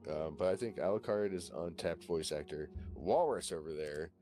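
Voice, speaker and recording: On a voice call, a low-voiced man from Virginia, USA rambles and swears casually, packing his talk with "you know" and "like." He sounds animated, with a dark tone and a normal speaking speed.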